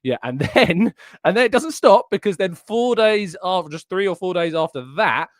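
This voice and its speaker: A man's voice: high-pitched, lively intonation, moderate pace, no echo, clean studio sound. A man hosting a casual live-stream football show, chatting and reading out viewer comments. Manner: chatty, reads live-chat comments aloud. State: out of breath. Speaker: host. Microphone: headset.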